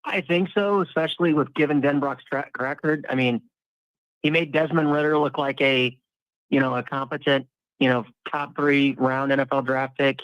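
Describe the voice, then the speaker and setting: A man's voice: mid-range voice, fairly even intonation, normal speed, clean tone, no echo, highs cut off. A man in casual sports talk, analyzing football at length with frequent restarts.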